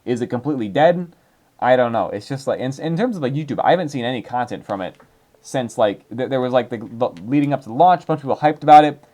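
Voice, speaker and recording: A man's voice: medium pitch, lively intonation, quick pace, darkish tone. A young man in his twenties reading viewer comments in casual, rambling chat, full of fillers. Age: 20s. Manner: rambling, filler-heavy, chatty.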